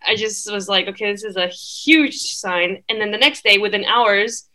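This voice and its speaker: A woman's voice: mid-range voice, moderate pace, pushed and bright. A young woman guest telling a personal story in casual chat, full of fillers. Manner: chatty, many fillers.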